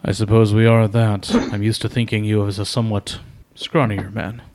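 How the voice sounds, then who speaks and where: A man voicing an old noble father and royal counselor, grave, measured and coldly pragmatic. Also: fairly low pitch, level tone, a little mellow, a little hiss or hum, natural voice.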